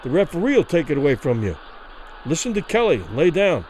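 A man's voice: a little high, huge pitch swings, fairly quick, a little mellow, slight background noise, low-quality recording. A man voicing a blunt boxing second who presses a fighter to give up. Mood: insistent.

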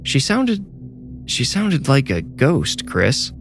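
A man's voice: mid-range voice, wildly swooping pitch, slow pace, over music, pitched above the performer's own voice, exaggerated voice. A man voicing a frightened, deadly serious male mover in a horror story, grim and insistent. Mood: shaken.

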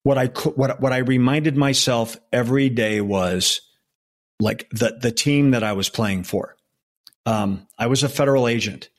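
A man in his sixties, a former undercover federal agent, telling a personal story in an interview in an earnest, emotional way with halting restarts. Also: medium pitch.

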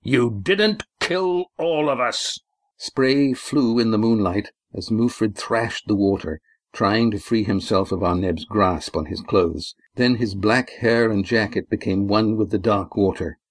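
A man narrating an adventure story at a steady, measured pace. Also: on the low side, dry recording. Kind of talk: audiobook narration.

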